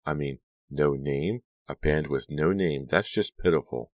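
A man's voice: a bass voice, a little slow, no room sound. A man voicing a sullen, scornful teenage girl in a storybook reading, cold and dismissive.

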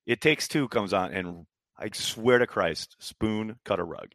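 A man's voice: on the low side, unhurried, fairly bright tone, no echo, studio quality. A man hosting a live fan chat stream, hyped and chatty as he reads comments and answers questions. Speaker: podcast host reading chat.

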